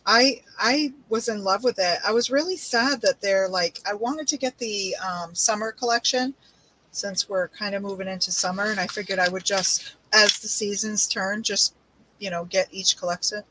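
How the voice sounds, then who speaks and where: A woman's voice: mid-range voice, pushed and bright, a little hiss or hum, poor audio. An older woman hosting a craft livestream, chatting casually and rambling as she unpacks supplies and greets viewers by name. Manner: talks while unpacking and showing craft supplies.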